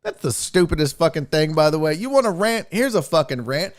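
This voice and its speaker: Male sports talk host, casual profane rants, high and very animated. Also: normal speed, hardly any pauses. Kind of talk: casual ranting commentary.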